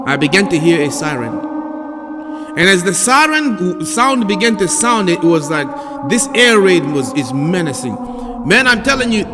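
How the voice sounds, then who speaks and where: High-voiced man recounting a vision, echoing. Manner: halting, repetitive, earnest storytelling. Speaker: self-styled prophet.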